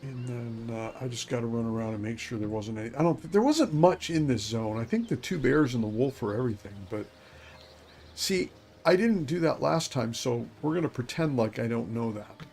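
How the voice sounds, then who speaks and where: A man's voice: medium pitch, lively intonation, normal speed, darkish tone, slight background noise. Older man rambling over gameplay. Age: 50s. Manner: rambling, talks to himself, chuckles. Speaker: game streamer. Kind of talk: casual gameplay commentary.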